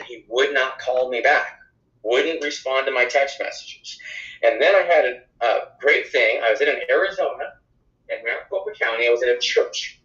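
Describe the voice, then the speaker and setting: A man tells a story as a podcast guest, his bright, forceful voice bouncing around a roomy space. The recording is dull and lo-fi, and he talks in a lively way with exclamations. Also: mid-range voice. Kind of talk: conversational storytelling. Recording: echoey room, dull lo-fi sound.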